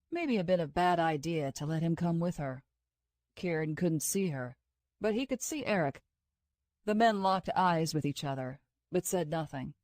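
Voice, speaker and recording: A woman reading an audiobook aloud in a steady, even storytelling manner. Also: fairly low pitch, no room sound, studio quality. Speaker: audiobook narrator. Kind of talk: scripted narration.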